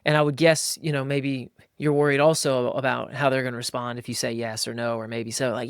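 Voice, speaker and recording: A man hosting a podcast, coaching listeners in a lively, casual way and acting out voices as he talks. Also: mid-range voice, a little fast, few pauses, clean tone, no echo, studio quality. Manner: animated, acts out voices. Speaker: podcast host.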